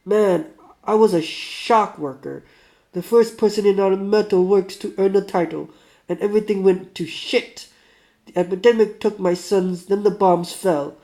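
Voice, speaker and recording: A man voicing a bitter, sickly male metalworker under forty in a put-on Russian accent, loud and snappish. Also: sits high, steady tone, measured pace, voice pushed up. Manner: snappish, raised, belligerent.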